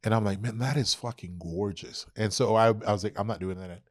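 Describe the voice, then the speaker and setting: A young adult man, a podcast guest, telling an animated, profane story and acting out quoted dialogue. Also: fairly low pitch, fairly quick, no room sound, clean studio sound. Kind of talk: casual storytelling.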